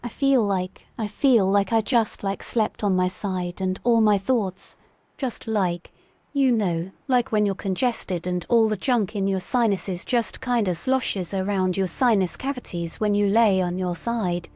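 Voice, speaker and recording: A woman's voice: medium pitch, measured pace, dark tone, no echo. A woman streamer chatting casually and rambling with lots of filler words while playing a VR game. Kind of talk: casual live-stream chat.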